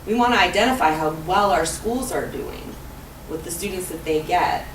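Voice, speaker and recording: A woman speaking on an education roundtable panel, conversational and measured. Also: lowish voice. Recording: distant roomy mic with background noise.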